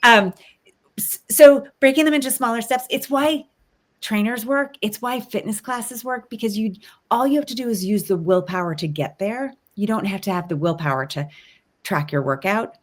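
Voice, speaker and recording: A woman's voice: medium pitch, moderate pace. A woman guest on a podcast who explains ideas in a thoughtful, coaching way, with frequent ums and rhetorical "right?"s. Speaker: guest, resilience expert. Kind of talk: casual interview conversation.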